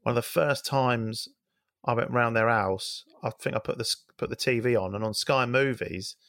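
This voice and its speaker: A man's voice: mid-range voice, moderate pace, vocal fry, fairly bright tone, no room sound, studio quality. A man co-hosting a casual football podcast, wry and self-mocking. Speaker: podcast co-host.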